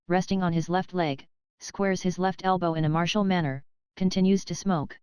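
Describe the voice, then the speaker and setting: Woman narrator, lowish and very clear, measured audiobook reading, dry close sound. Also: a little mellow, no room sound. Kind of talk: scripted narration.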